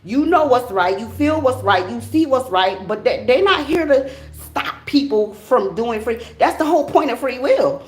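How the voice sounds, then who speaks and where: American woman, tarot reader, casual monologue, blunt and profane, slightly high voice, roomy echo. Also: moderate pace. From United States. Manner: blunt, profane and animated, with slang.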